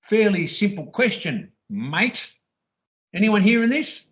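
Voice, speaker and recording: A man's voice: sits high, big pitch swings, slow pace, muffled recording. A man on a call, recounting a police stop in a crude, insistent, mocking way. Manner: mocks the officer's lines, crude and insistent. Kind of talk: rambling call-in monologue.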